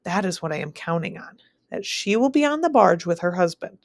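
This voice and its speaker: A woman teacher reading a novel aloud in the first person, steady and plain, with small slips now and then. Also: lowish voice, fairly quick, no echo, studio quality.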